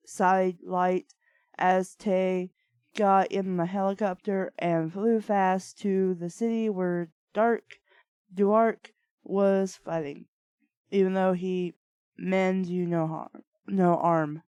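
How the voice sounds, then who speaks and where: A woman reading bad fan fiction aloud, breaking off for deadpan sarcastic asides. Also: lowish voice, slow pace, clear, resonant tone, no room sound, studio quality. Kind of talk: dramatic reading with sarcastic commentary.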